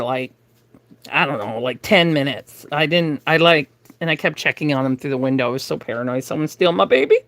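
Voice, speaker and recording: A middle-aged woman hosting a livestream tells her chat a story in a casual, animated style, laughing often and acting out the people involved. Her voice sits low.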